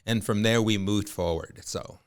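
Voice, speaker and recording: A man's voice: fairly low pitch, normal speed, smooth. A man in his fifties, a realtor, telling colloquial anecdotes as a podcast guest. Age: 50s. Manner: lively anecdotal storyteller, colloquial, with frequent fillers. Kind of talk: storytelling in a podcast interview.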